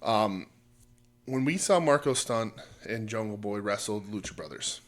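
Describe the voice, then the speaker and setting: A man's voice: fairly low pitch, expressive, moderate pace. A man co-hosting a wrestling podcast, chatting casually and rambling with lots of fillers and restarts. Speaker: podcast co-host.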